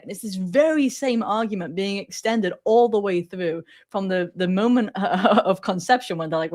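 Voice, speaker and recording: An Englishwoman whose Sheffield accent has picked up a slight American twist after years in the US chats as a guest in a conversational interview. Her pitch is medium and her pace moderate, with hardly any pauses, and she's animated, laughs often, and puts on voices when quoting others.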